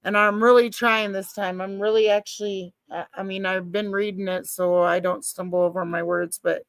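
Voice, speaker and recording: A woman chats casually on a live stream, rambling, cursing and answering her chat. She calls herself a nervous person. Her voice sits at a middle pitch and sounds dry and close. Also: little pitch movement, normal speed, smooth, dry recording. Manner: rambling, swears, reacts to chat, self-described nervous.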